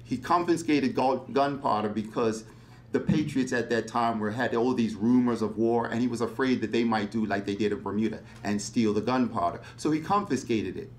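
A man giving a public history lecture, animated and fond of rhetorical questions. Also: mid-range voice, normal speed.

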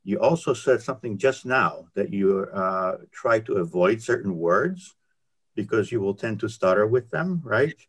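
A man in the audience politely asking a question on a video call, pausing on fillers. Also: lowish voice, expressive, slightly rough.

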